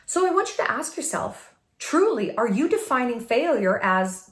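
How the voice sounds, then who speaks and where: A woman's voice: fairly high pitch, very animated, moderate pace, hardly any pauses. A woman hosting a vlog, giving a casual motivational talk to camera, emphatic and laughing often. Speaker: vlog host. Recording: echoey room.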